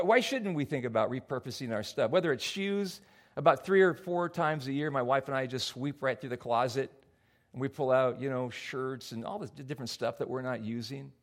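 An older man preaching a sermon as a pastor, often repeating words as he restarts and acting out quoted voices. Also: medium pitch. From United States. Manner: animated, acts out quoted voices. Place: church hall before a congregation.

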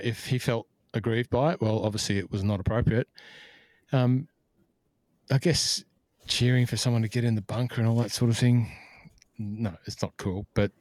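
A man's voice: fairly low pitch, darkish tone, dry recording. A man co-hosting a casual golf podcast over a video call, chatting easily and laughing often, a self-described equipment nerd. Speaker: podcast co-host.

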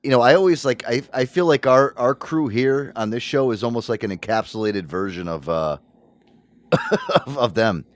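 A man's voice: mid-range voice, normal speed. A middle-aged man co-hosting a podcast, telling stories about a friend in casual chat, swearing often and acting out other people's voices. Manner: animated storyteller, acts out friends' voices, swears a lot. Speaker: podcast co-host.

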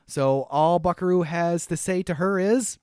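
High-voiced guy doing a casual movie recap, wry, laughs a lot, dry close mic. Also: normal speed, darkish tone, clean tone, dry recording. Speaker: podcast co-host.

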